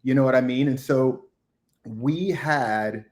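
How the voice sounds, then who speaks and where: A middle-aged man, a retired military chief, telling a combat story as a podcast guest, acting out the shouted orders. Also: mid-range voice, unhurried. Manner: animated war storytelling, acts out shouted quotes. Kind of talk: casual storytelling interview.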